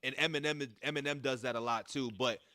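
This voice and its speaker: A man hosting a live music reaction stream, breaking down rhyme schemes in relaxed slang-filled chat. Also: mid-range voice, quick pace, a loud crowd.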